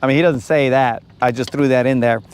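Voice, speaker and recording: A man's voice: mid-range voice, steady tone, fairly quick, smooth. A man chatting casually and teasing his brother while fishing from a boat on a lake. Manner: teasing, joking banter. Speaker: fishing vlogger. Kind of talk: casual live-stream chat.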